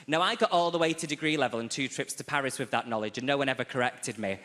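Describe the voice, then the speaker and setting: Bright-voiced man from England, camp and chatty, teasing the crowd, echoey theatre. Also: medium pitch, fast talker, a little hiss or hum. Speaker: stand-up comedian. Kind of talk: stand-up routine. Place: large theatre stage.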